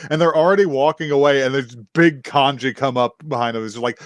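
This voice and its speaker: A man's voice: medium pitch, fairly even intonation, quick pace, few pauses, dry recording. A young man chats casually through an anime recap on a podcast. He keeps breaking into laughter and acting out what the characters say. His mid-range voice sits close and dry on the mic. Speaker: podcast co-host.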